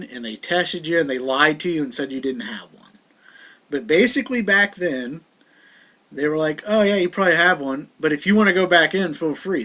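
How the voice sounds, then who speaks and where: A man's voice: high-pitched, a bit bright, breathy edge. A young man ranting in a casual, heated vlog monologue, sounding exasperated. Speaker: vlogger.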